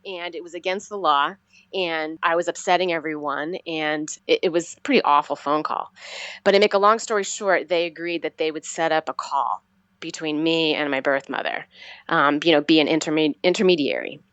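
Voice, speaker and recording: Low-pitched woman in her 40s telling her story in an interview, kinda halting, lots of restarts, dry sound. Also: a bit bright, smooth, no room sound. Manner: earnest, halting, with frequent restarts. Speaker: interview guest.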